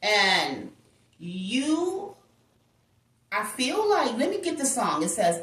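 A woman's voice: a little high, very animated, takes it slowly, pauses often, fairly bright tone. A woman giving a casual tarot reading, talking straight to her viewers in an emphatic, chatty way. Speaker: tarot reader. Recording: roomy echo, distant from the mic.

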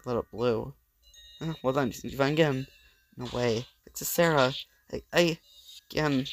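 Male let's play host with a gravelly, creaky voice, reading game dialogue aloud with stammering dramatic reads. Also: medium pitch, measured pace, a bit bright, soft background music.

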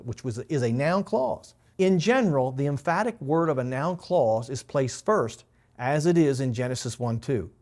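A man's voice: on the high side, a little mellow. Methodical man teaching Scripture. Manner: methodical, explanatory, stresses key words. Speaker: pastor. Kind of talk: Bible teaching.

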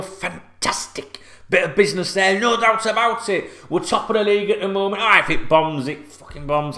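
Fan vlogger, man, high bright voice, rambling, sweary, prone to shouting, echoey home room. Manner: swears a lot, rambling, repeats himself, bursts into shouts. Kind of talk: excited unscripted video rant. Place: at home, sitting.

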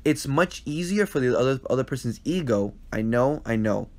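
A man's voice: medium pitch, lively intonation, moderate pace, a little mellow. Earnest man giving advice on a phone stream. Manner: earnest and repetitive, checks in with "right?". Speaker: advice host answering viewer questions. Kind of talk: casual live-stream Q&A. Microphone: phone live stream.

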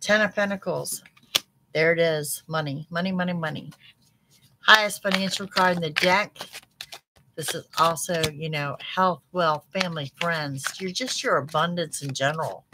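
A woman reading tarot cards for her viewers in an animated, chatty way, talking straight to them. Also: on the low side, normal speed, background noise. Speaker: psychic tarot reader.

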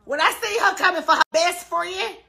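A woman's voice: extremely high pitch, normal speed, creaky, bright, forceful tone. A woman crying as she rants on a live stream, repeating emphatic, defensive denials. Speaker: social media personality on a live stream. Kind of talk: emotional livestream rant.

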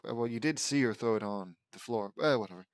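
A man's voice: mid-range voice, a little fast, no echo. Brief: male reader, fan fiction audiobook, trips on words, cracks asides, dry close sound. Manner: stumbles over words and adds joking asides. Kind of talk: reading fan fiction aloud with side remarks.

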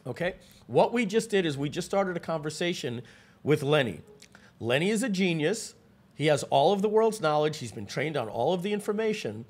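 Speaking at a moderate pace in a husky, slightly high voice, a man leads a live webinar. He tells stories, throws lively asides to the audience, and frequently restarts his sentences.

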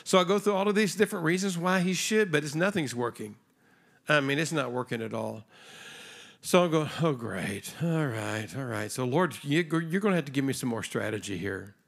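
Male preacher, conversational storyteller, gravelly tone, mid-range voice. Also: mid-range voice, expressive, fairly quick. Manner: conversational, acts out dialogue in his stories. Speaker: guest preacher. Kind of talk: sermon with storytelling. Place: church stage before a congregation.

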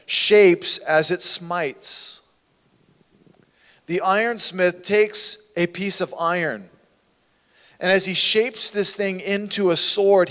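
A man preaching a sermon as a pastor, with impassioned delivery that swings from hushed to loud. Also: high-pitched. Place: church sanctuary. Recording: long hall reverb in a church.

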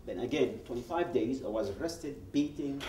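A man's voice: mid-range voice, normal speed, slight background noise. Man telling his story in a roomy hall. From Yemen. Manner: animated, acts out quoted dialogue, frequent restarts. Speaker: guest speaker at a public event. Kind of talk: personal testimony told as a story. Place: event hall. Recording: roomy hall, speaker far from mic.

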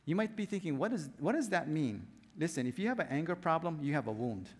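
A man preaches to his congregation in a high, lively voice that swings widely up and down. He acts out his stories with little sound effects. His voice rings with the long reverb of a large church hall. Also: quick pace. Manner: animated storyteller, acts out scenes and sound effects. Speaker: pastor.

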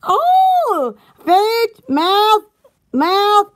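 A woman from Alabama chatting casually at home with her viewers, rambling and giggling, often restarting her sentences and breaking into excited exclamations. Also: extremely high pitch, extremely slow. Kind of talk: casual chat.

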